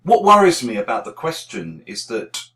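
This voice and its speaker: A man's voice: medium pitch, wildly swooping pitch, normal speed, sharp tone. A man from England with a regional English accent, giving candid, opinionated reflections as a teacher trainer. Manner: candid, opinionated, self-deprecating. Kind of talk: reflective talk to camera.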